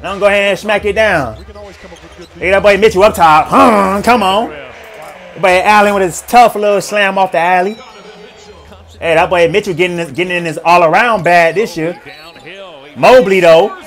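A young man giving casual, slang-heavy play-by-play reaction to basketball highlights, stammering, repeating himself and laughing as he hypes the plays. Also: normal speed, fairly bright tone. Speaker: sports reaction host.

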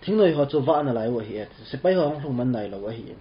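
A man interpreting a rabbi's class, talking quickly and trailing off at the ends of phrases. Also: mid-range voice, animated. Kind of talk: rapid spoken translation. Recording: dull lo-fi sound with faint room noise.

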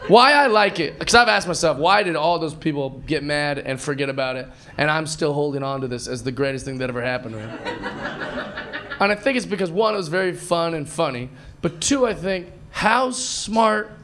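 A man performing live stand-up, telling a story in an excitable way and acting out other people's voices. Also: fairly high pitch, normal speed, slight background noise. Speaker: stand-up comedian. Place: comedy club stage before a live audience. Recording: live club recording with crowd laughter.

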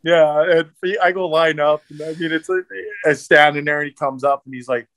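A man's voice: on the high side, brisk, no echo. A middle-aged man, a former hockey enforcer, telling profane stories in casual chat and acting out what others said. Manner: profane, animated storyteller acting out quotes. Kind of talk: casual storytelling. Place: podcast studio.

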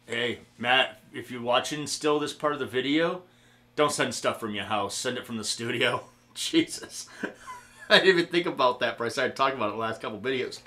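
A man's voice: mid-range voice, a bit bright. A man hosting a guitar pedal demo vlog, talking in a profane, rambling, jokey way. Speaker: gear demo host. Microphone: guitar-cab recording setup, camera mic.

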